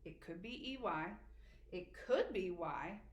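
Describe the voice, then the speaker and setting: A woman teacher giving a spelling lesson to children, patient and encouraging, slowly spelling letters out. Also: lowish voice, lively intonation. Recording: echoey room with faint background noise.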